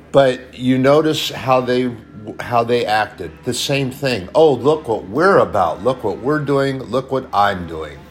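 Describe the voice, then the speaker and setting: A man's voice: medium pitch, a little hiss or hum. A man giving an informal sermon in an earnest, plain-spoken way, turning sharply scolding at times.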